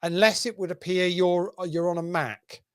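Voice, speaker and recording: A man's voice: high-pitched, steady tone, moderate pace, clean tone, dry recording, studio quality. A man co-hosting a casual poker show, chatty, often laughing and full of fillers. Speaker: co-host. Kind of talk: casual podcast chat.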